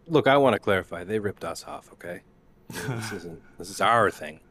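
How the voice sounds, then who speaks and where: Joking low-voiced man player. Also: animated, moderate pace, a bit bright, husky. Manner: joking, casual, swears.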